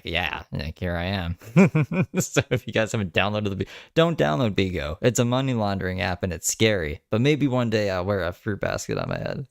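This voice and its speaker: Man, low voice, sarcastic live-stream commentary, dry close sound. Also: vocal fry, dry recording. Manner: chatty, sarcastic, laughs often. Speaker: streamer reacting to another streamer.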